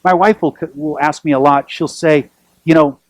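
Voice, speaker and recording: A man preaching a sermon as pastor, telling lively stories with self-deprecating humor. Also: a little high, moderate pace, dry recording, rough recording.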